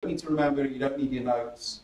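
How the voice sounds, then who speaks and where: A man presenting a startup workshop, lively and chatty, acting out audience members with laughing asides. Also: mid-range voice, fast, a little hiss or hum. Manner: animated, acts out audience reactions with laughing asides. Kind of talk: presentation skills workshop talk. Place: workshop room. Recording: roomy echo from a distant mic.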